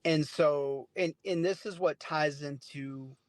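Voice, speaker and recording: A man's voice: on the high side, slow, dry recording. A man co-hosting a podcast in casual chat, blunt and joking with emphatic remarks. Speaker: podcast co-host.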